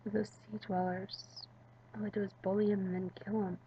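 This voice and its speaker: A woman doing let's play commentary, talking to her viewers and reading the game's text aloud with stumbles and quick self-corrections. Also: medium pitch, level tone, dull audio, slight background noise. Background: game music.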